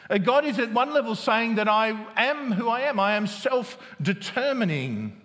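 Guy giving a sermon, kinda high voice, big echoey hall, keeps going "isn't it?". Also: sing-song, unhurried, a bit bright. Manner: asks the congregation "isn't it?" often, with restarts. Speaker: preacher. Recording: long reverb of a large hall.

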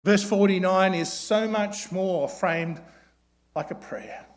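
High-voiced preacher with rhetorical questions. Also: male voice, takes it slowly. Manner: asks rhetorical questions with tag questions, drops to a soft voice for quoted prayers. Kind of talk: sermon.

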